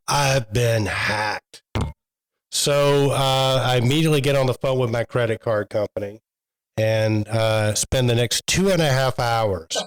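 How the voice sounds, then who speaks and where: A man's voice: mid-range voice, poor audio. A man co-hosting a trade podcast in casual chat, telling stories in a rambling way with many fillers. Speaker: podcast co-host.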